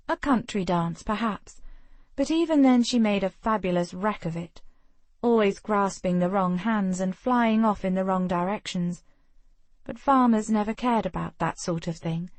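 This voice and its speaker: A woman narrating a romance audiobook in an even, expressive reading. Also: medium pitch, unhurried, no echo. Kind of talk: scripted narration.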